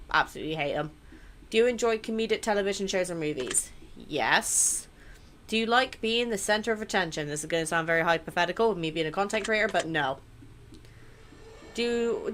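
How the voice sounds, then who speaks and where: A woman's voice: medium pitch, fairly bright tone, slight background noise. A young woman gaming creator reading a game's questions aloud and answering them in a chatty, blunt way, swearing now and then. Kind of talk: casual let's play commentary, reading questions aloud.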